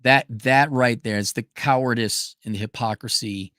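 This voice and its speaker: A man's voice: moderate pace, no echo, studio quality. A middle-aged man hosting a livestream, answering viewer questions in a blunt, profane, emphatic way. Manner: profane, emphatic, animated pitch jumps. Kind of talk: blunt opinionated livestream chat.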